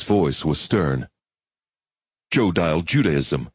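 A man reads a novel aloud in a measured, reflective way. His voice sits very low and husky, and the recording is close and dry. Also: lively intonation, darkish tone, no echo. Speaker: narrator. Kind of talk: audiobook narration.

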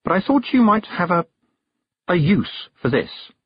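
A man's voice: high-pitched, very animated, unhurried, muffled recording, a little hiss or hum, pitched above the performer's own voice. A man voicing an eager, earnest young girl witch, in a storybook reading.

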